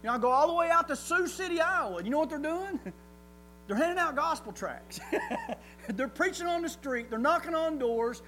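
Man, church sermon, folksy, conversational, fervent loud emphasis. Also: very high-pitched, lively intonation, moderate pace, a little hiss or hum, poor audio. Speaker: preacher.

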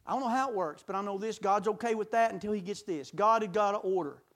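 A folksy middle-aged preacher delivers a sermon packed with rhetorical questions, talking fast and swinging between shouting and low, intimate speech.

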